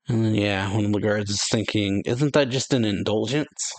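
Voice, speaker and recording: A man's voice: fairly low pitch, normal speed, few pauses. A man casually reading through a manga chapter, reciting character lines with light emphasis and frequent fillers. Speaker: manga reaction host.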